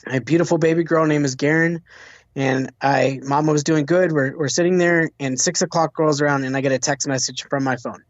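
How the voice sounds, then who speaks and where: A man's voice: fairly high pitch, steady tone, brisk, dry recording, muffled recording. A man from the United States, a veteran, telling his recovery story in an earnest way, often restarting and repeating words. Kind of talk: personal storytelling.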